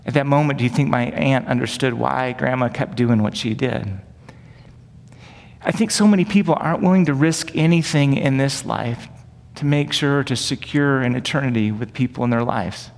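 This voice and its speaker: A man's voice: mid-range voice, moderate pace, creaky. Earnest man preaching in a reverberant hall. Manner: earnest, conversational preaching with rhetorical questions. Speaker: pastor. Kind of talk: sermon teaching.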